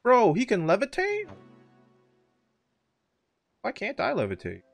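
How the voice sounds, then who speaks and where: A man streaming gameplay with lively, swooping pitch and an unhurried delivery. He reacts loudly to each moment and swears freely. Faint music plays underneath. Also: gravelly. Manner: excitable, swears often, loud reactions. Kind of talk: live gameplay commentary.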